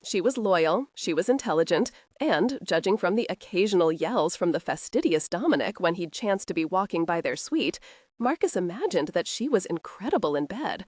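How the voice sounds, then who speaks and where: A woman narrating a romantic thriller audiobook with expressive storytelling. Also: on the low side, moderate pace, dry recording, studio quality.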